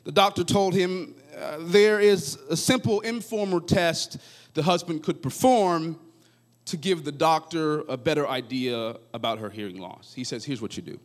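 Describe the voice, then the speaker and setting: A man in his thirties preaching a sermon, moving between hushed asides and rising, fervent prayer as he tells stories. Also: on the high side, a little slow. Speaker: pastor.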